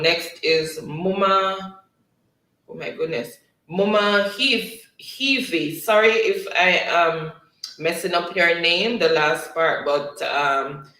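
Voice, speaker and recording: Slow, laughing man hosting a live quiz. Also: fairly high pitch, bright, forceful tone. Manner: chatty, reads viewer comments aloud, laughs often. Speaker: livestream quiz host. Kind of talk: casual live-stream hosting. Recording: echoey room, distant mic.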